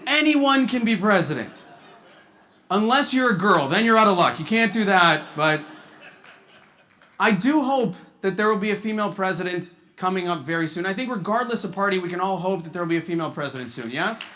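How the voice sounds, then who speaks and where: A male stand-up comedian performing at a charity gala, with a punchy, animated delivery. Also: high-pitched, fairly quick.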